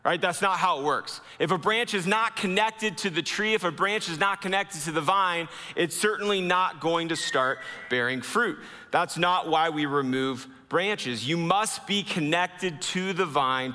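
A man preaches a sermon in a church sanctuary, his voice bright and somewhat high for a man. He talks earnestly and slows down, dropping low to drive home key points. A long hall reverb trails each phrase. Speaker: pastor.

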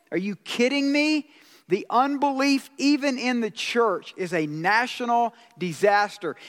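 A man preaching a sermon as pastor, impassioned and rising to loud exclamations. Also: high-pitched. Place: church sanctuary. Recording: long hall reverb.

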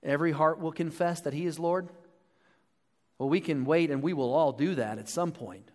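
Man, forties, pastor, sermon, animated storyteller, fairly high voice, long church reverb. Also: moderate pace. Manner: storytelling, animated when telling anecdotes. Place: church sanctuary.

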